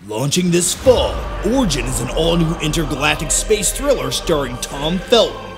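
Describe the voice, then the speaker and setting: A man doing a dramatic male movie trailer announcer voice, loud and booming. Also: very animated, moderate pace, over music.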